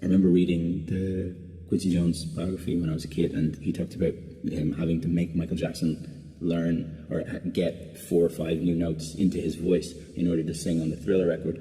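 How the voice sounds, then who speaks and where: A man's voice: deep voice, little pitch movement, brisk, mellow. A man, a singer being interviewed, answering casually and rambling with lots of restarts and "like" fillers. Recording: long reverb.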